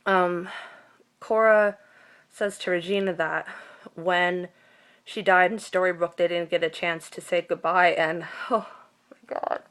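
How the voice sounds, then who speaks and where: Woman, casual recap vlog, lowish voice, gushing, emotional, lots of ums. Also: fairly even intonation, a little slow, long pauses, a bit bright, clean tone. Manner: emotional, gushing, many fillers. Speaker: TV recap vlogger.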